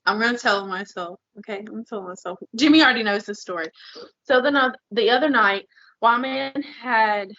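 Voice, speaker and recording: A woman cohosting a podcast, telling a personal story in a lively way and acting out the lines she quotes. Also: mid-range voice, dry recording, lo-fi sound. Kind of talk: casual podcast chat.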